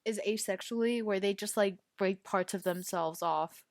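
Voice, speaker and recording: A woman's voice: medium pitch, moderate pace, gravelly, a little mellow. A young woman co-hosting a casual podcast, bubbly and giggly, with teen slang. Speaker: podcast co-host. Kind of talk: casual chat.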